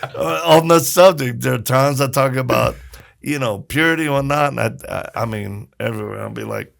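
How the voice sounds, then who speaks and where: A man's voice: medium pitch, fairly quick, creaky. A middle-aged man, a podcast guest, telling stories in a casual interview and acting out the voices of the people in them. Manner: animated storyteller acting out quotes.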